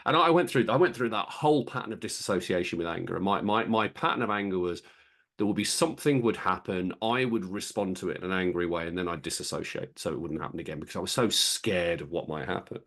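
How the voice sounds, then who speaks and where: Lower-voiced man, reflective podcast co-host, candid. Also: fast talker, fairly bright tone. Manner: reflective, open, repeats words as he thinks. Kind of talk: candid conversational chat.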